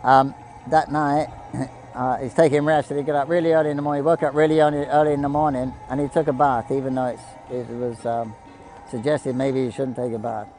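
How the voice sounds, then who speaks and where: A man giving a devotional talk, telling stories in a halting, anecdotal way and quoting the people in them. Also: medium pitch, little pitch movement, a little mellow, faint music behind, low-quality recording. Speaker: devotee storyteller on a pilgrimage broadcast.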